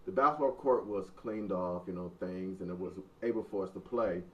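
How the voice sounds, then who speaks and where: A man's voice: low-pitched, moderate pace, distant mic, slight background noise. A man in his thirties, the host, telling a funny story in a joking, mock-dramatic way. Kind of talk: casual storytelling. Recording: muffled sound from off mic.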